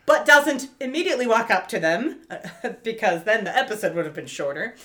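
A woman co-hosting a podcast, casually recapping an episode with lively storytelling, lots of fillers and the odd swear. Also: on the high side, a little fast. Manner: animated storytelling, fillers and profanity. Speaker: podcast co-host.

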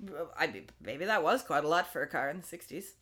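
A woman co-hosting a podcast in a casual chat, recapping a TV episode with wry, animated commentary. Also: deep voice, fast. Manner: animated, wry, acts out quotes. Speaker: podcast co-host.

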